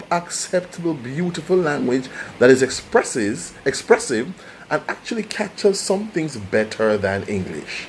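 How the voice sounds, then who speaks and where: A man's voice: mid-range voice, sing-song, unhurried, a little hiss or hum, rough recording. A Jamaican man from Jamaica delivering passionate, preachy commentary to camera, full of rhetorical questions. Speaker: vlogger.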